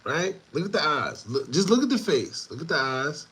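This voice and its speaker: A man hosting an online commentary show, talking casually to viewers in a repetitive, animated way with laughing asides. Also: on the high side, normal speed, breathy edge. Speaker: show host.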